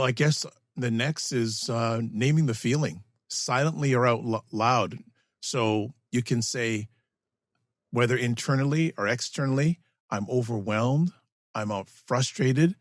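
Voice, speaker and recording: A man co-hosts a casual podcast, recorded close and dry. He speaks in a steady, affirming way and halts and restarts his words now and then. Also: medium pitch, no room sound. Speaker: podcast co-host.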